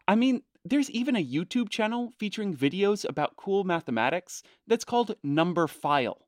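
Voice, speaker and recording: Male podcast host, loud and teasing, dry close sound, a little higher than most men. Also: no echo. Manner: loud and brash; playful, teasing. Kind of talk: scripted podcast narration.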